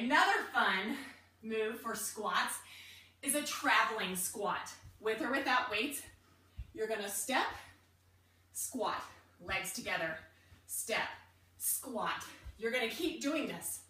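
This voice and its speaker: A woman's voice: fairly high pitch, animated, slow, pauses often, pushed and bright. A young woman coaching an at-home workout, upbeat and encouraging, out of breath as she exercises. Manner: upbeat, encouraging, chatty between moves. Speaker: fitness coach. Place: room at home, indoors. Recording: echoey room, far from the mic.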